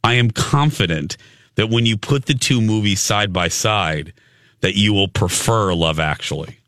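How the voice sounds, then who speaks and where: Low-ish guy host, bright forceful voice, teasing and egging people on, dry sound. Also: unhurried, no room sound. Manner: teasing, playfully challenging. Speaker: podcast host. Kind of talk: casual chat.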